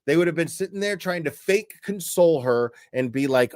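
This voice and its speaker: A man's voice: a little high, moderate pace. A man ranting in casual commentary on a stream, swearing a lot and acting out the people he talks about. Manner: profane, animated, acts out quoted people.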